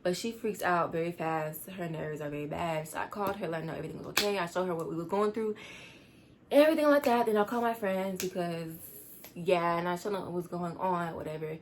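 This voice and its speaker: A teenage girl vlogger rushes through a storytime in a slightly low voice, rambling and upset as she tries to calm down. Faint noise hums behind her. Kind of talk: storytime vlog.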